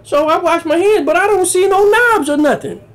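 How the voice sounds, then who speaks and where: A male stand-up comic spinning profane street stories. His delivery is loose and animated, swinging from low mutters up into high, yelling exclamations. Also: normal speed. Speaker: stand-up comedian. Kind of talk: stand-up storytelling.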